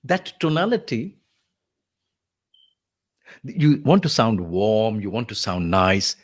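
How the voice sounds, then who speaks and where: A man's voice: lowish voice, big pitch swings, takes it slowly. A man, a voice artist, explaining voice technique in an interview and acting out example lines like a teacher. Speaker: voice artist guest.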